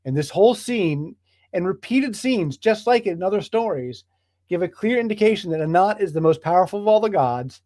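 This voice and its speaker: A man's voice: sits high, animated, brisk, darkish tone, no echo, studio quality. A man leading a bible study group in a casual lecture, speaking with enthusiasm and emphatic repetition. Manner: enthusiastic, emphatic, builds with repeated phrases.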